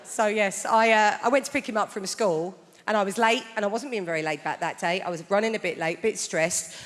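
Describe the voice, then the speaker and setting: A woman's voice: mid-range voice, a little fast. A woman in her forties doing a stand-up routine on a theatre stage, telling stories in a dry, conversational way. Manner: dry, conversational storytelling with mock voices. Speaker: stand-up comedian. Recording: theatre reverb, audible background noise.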